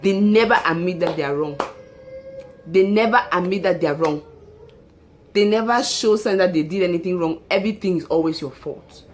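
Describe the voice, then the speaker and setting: A woman's voice: on the low side, moderate pace, darkish tone, a little hiss or hum. A woman hosting her own show, giving relationship advice in an emphatic monologue and repeating her key phrases.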